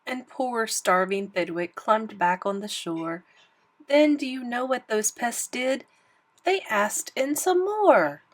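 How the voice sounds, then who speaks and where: A woman reading a rhyming picture book aloud in an expressive, sing-song manner. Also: on the high side, slow pace. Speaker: storybook reader.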